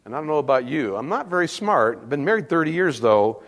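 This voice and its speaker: A man's voice: on the high side, sing-song, fairly quick, fairly bright tone. A middle-aged male pastor preaching a sermon, telling stories with humor and animation.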